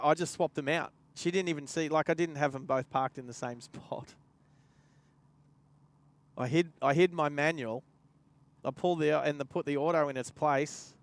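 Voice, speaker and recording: A young Australian man casually telling a rambling anecdote while driving, chuckling to himself as he goes. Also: on the high side. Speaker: driving livestream host. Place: inside a car.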